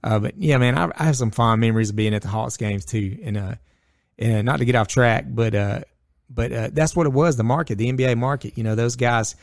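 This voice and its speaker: A middle-aged man, co-hosting a casual sports chat and telling stories in a lively, slangy way. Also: mid-range voice, brisk, gravelly, dry recording, clean studio sound. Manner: animated storyteller, slangy, acts out voices. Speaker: podcast co-host.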